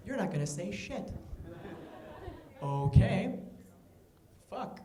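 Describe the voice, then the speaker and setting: A young man performs a stand-up set in a conversational style, tossing off quick asides. His voice sits high, and the room around him rings with echo. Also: expressive, soft background music. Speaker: stand-up comedian. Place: comedy venue with live audience.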